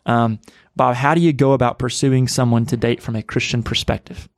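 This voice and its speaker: Brief: male pastor co-host, mid-pitched, earnest and chatty, dry mic. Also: steady tone, brisk, dry recording. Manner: earnest, conversational, frequent fillers. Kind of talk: casual podcast discussion.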